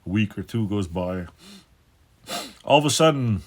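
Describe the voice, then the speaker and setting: Deep husky-voiced man rambling. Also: animated. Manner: rambling, profane, halting with many fillers. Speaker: channel host. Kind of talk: casual personal vlog monologue.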